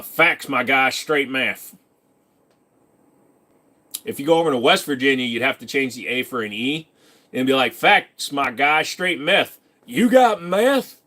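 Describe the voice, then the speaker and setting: A man's voice: mid-range voice, bright, forceful tone. Rambling joking man on a live stream. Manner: rambling, joking, reads chat questions aloud. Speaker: live stream host reading chat. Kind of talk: casual live stream chat.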